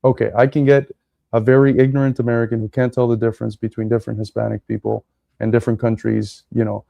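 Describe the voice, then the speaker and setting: A man co-hosting a political podcast, speaking bluntly and swearing casually in relaxed chat. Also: mid-range voice, fast, gravelly, dry recording. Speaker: podcast co-host.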